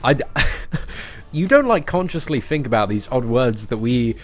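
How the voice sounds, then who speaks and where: A man's voice: medium pitch, very animated, moderate pace. A British man streaming a game live, chatting casually with viewers in a playful, joking way and laughing often.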